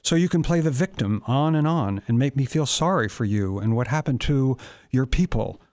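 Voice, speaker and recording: Author doing a calm steady guy, even voice, medium pitch, dry. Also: normal speed, no room sound, lightly acted. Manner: calm, level. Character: calm, steady adult man.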